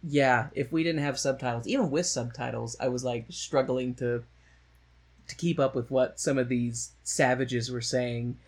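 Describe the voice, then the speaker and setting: A man with a husky, slightly breathy voice talks through a film in loose, casual chat. He rambles and laughs a lot, carrying a sardonic edge as he retells scenes. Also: medium pitch, fairly even intonation, normal speed. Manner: rambling, laughs often, slips into mocking voices for quotes. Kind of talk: casual chat, movie discussion.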